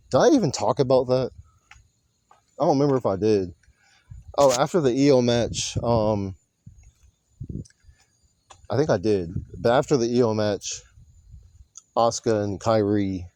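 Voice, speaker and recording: A man's voice: lowish voice, moderate pace, pauses often, dark tone, no echo. Rambling, profane man recapping wrestling. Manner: rambling, profane, self-correcting. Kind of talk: casual recap monologue.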